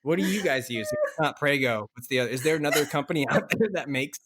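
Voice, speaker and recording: A man's voice: fairly high pitch, animated, fast talker, fairly bright tone. A man co-hosting a casual podcast, playful and enthusiastic, joking at his own expense. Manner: playful, enthusiastic, self-mocking. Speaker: podcast co-host. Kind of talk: casual chat.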